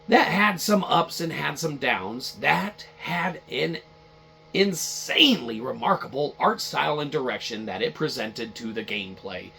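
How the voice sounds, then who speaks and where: A podcast host with a medium-pitched, creaky, bright, and husky voice rants casually about a video game in a forceful tone. His game-review rant rambles, repeats itself, and is full of profanity.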